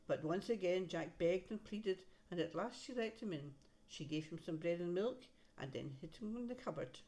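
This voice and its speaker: A woman reading a storybook aloud to a child, pausing to point out the pictures. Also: on the low side, lively intonation, warm tone. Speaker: reader to a child.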